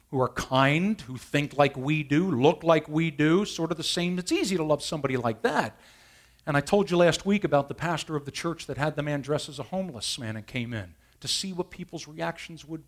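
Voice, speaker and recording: A man preaching a sermon as pastor, an animated storyteller who laughs along with his own stories. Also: fairly high pitch.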